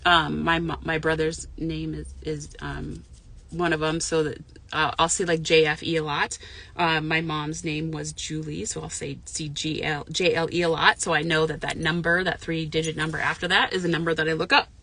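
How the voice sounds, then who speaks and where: Woman medium in her car, loose rambling delivery, salty language, a bright, slightly low voice. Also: little pitch movement, moderate pace, creaky. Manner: frank, profane, rambling with many fillers. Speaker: intuitive medium and spiritual mentor. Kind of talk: casual live chat to viewers. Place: parked car.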